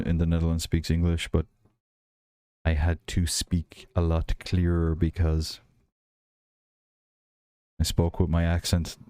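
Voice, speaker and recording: Man, softened Irish accent, deep dark voice, casual stream chat, relaxed and rambling. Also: dry recording, clean studio sound. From Ireland. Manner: rambling, relaxed, many fillers and restarts. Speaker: livestream host. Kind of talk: casual chat while building and reading chat.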